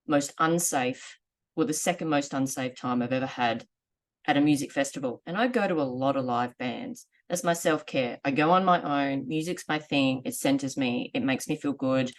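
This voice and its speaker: A woman in her forties telling a personal story in a candid, earnest, measured way. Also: rumbling low. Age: 40s. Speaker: vlogger sharing lived experience.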